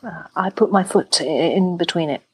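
Female player, husky, calm, gently coaxing in character. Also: on the low side, normal speed. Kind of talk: tabletop game role-play.

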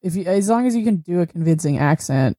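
Lady cohost on a podcast, deep mellow voice, dry jokes. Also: expressive, fast, dry recording. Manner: wry, joking. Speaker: podcast co-host. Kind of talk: casual chat.

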